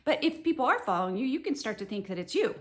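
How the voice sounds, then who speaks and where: A middle-aged woman giving an earnest, animated devotional Bible teaching, with many "you know"s. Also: a little high, quick pace.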